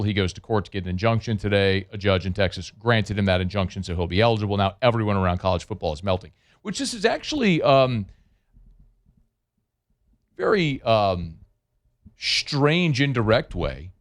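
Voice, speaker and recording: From a studio, a middle-aged man hosts a sports talk radio show. His lowish voice moves briskly, animated and emphatic, swinging up and down.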